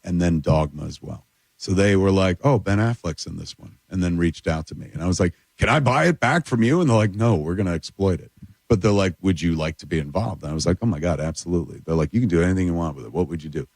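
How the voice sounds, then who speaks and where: A man, a filmmaker guest telling animated, rambling stories in a casual studio chat. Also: deep voice, fast, dry recording. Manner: animated, rambling anecdotes with lots of "like" and "dude". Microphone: radio studio mic.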